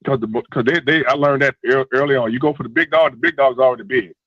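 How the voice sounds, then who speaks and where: A stuffy, congested male caller giving steady advice on a call-in show. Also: mid-range voice, fast talker, slightly rough, no echo. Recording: dull, slightly lo-fi line.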